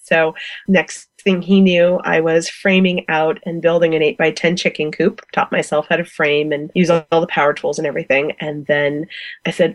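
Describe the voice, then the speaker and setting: A woman being interviewed, telling her story in an energetic, animated way. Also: fairly low pitch, moderate pace, no echo. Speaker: guest beekeeper.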